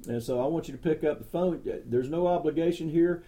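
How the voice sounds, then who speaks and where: A man's voice: fairly high pitch, fairly quick, few pauses, mellow. A middle-aged man giving a direct, enthusiastic sales pep talk as a network marketing leader, often repeating his key phrases.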